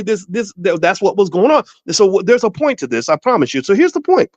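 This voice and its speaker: A middle-aged man hosting a casual commentary monologue, folksy and repetitive, breaking into high excited voices when telling stories. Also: fairly quick, hardly any pauses, dry recording. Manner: animated storyteller, jumps into high excited voices; folksy, repeats himself and restarts often. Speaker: host. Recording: dull, slightly lo-fi dry sound.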